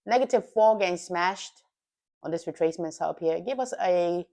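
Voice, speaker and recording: A woman's voice: fairly low pitch, normal speed, a little mellow. A woman streaming her futures trading live, thinking aloud in slangy, self-talking commentary. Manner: thinks aloud, talks to herself, slangy quips.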